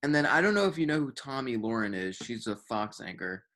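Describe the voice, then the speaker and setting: A man's voice: mid-range voice, very animated, brisk, sharp tone. A young man co-hosting a podcast in casual chat, rambling with lots of filler words and swearing. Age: young adult. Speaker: podcast co-host.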